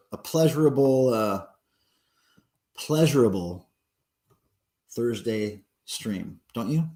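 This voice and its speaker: A man's voice: mid-range voice, a little mellow. A man hosting a casual livestream, rambling and answering viewer comments with lots of ums and uhs. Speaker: livestream host.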